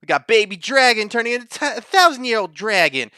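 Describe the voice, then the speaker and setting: Animated young man, bright dry voice. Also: high voice, quick pace, smooth, no echo. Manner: animated, swears, does excited mock voices. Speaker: podcast co-host. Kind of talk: casual chat.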